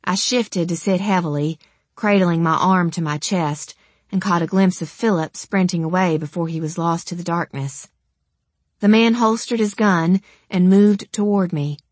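A woman's voice: lowish voice, fairly even intonation, normal speed, dry recording. A woman narrating an audiobook in the first person, in a wry, conversational and casually profane manner.

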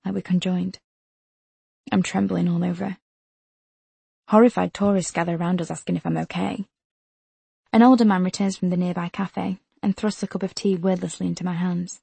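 A woman reading a first-person novel aloud as an audiobook narrator, in a measured, tense storytelling manner. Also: lowish voice, gravelly, mellow, slightly rough, dry recording.

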